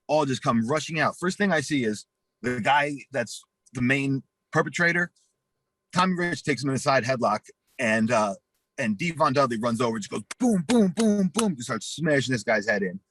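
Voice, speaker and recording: A husky-voiced man spins a rowdy, profane story in an interview, acting out everyone's lines as he goes. His voice sounds dry and close. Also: medium pitch, a bit bright, no echo. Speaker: interview guest.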